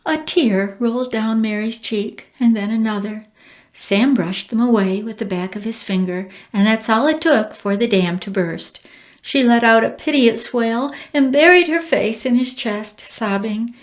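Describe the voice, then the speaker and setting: A woman narrating a storybook in an expressive, measured reading voice. Her pitch sits a bit above the usual for a woman.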